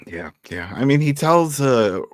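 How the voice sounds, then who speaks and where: A man co-hosting a casual TV recap chat, retelling scenes in animated bursts with restarts. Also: medium pitch, unhurried, dry recording, clean studio sound. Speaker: podcast co-host.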